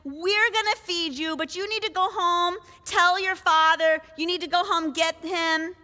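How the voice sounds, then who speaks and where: Woman playing commanding male ruler, brisk, bossy, bright tone, sermon retelling. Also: extremely high pitch, fairly even intonation, long reverb tail, pitched above the performer's own voice, exaggerated voice.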